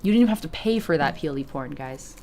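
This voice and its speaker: A woman's voice: low voice, animated, quick pace, darkish tone, a little hiss or hum. A young woman streamer chatting casually with her viewers, giggling often and reading chat aloud.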